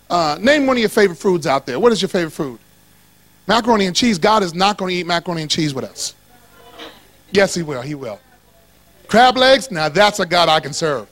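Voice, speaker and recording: A fast-talking pastor with a strikingly high voice preaches a sermon to a church congregation. Animated and playful, he gets the room going in call-and-response and shouts out the key lines.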